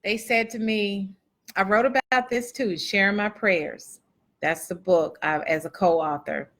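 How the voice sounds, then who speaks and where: A woman's voice: medium pitch, unhurried, a bit bright. A woman speaker telling a personal testimony to an audience in a chatty, folksy way, calling them y'all and acting out what people said. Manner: chatty and folksy, addresses the crowd as y'all and acts out dialogue. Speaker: motivational speaker and author.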